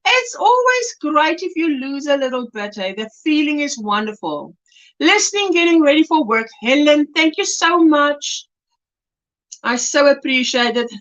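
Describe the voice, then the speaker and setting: A woman's voice: high-pitched, very animated, unhurried, pushed and bright, dull audio. A woman with a South African accent hosting a casual crochet livestream, chatty and laughing often as she reads the chat aloud from her phone.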